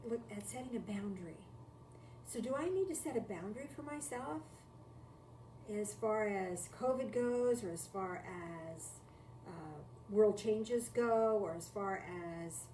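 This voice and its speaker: A spiritual teacher speaks in a slightly high, mellow voice, animated yet measured in pace. Streaming live from home, she is reflective and conversational, repeating key phrases and asking rhetorical questions. The sound is echoey, picked up by a distant mic with faint noise.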